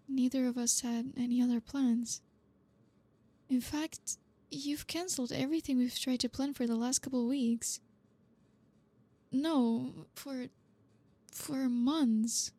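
A woman voicing a blunt, reserved young woman who is gruff but caring, talking to the listener in an audio role-play in a halting, awkward way. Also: high-pitched, warm tone, no echo. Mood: blunt, confronting. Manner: halting, awkward, stumbling over words.

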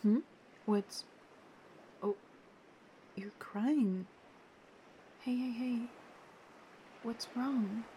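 A woman's voice: a little high, very slow, pauses often, slight background noise. A woman playing a teasing, caring young friend. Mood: tender. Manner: teasing, then soft and soothing. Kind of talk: audio role-play.

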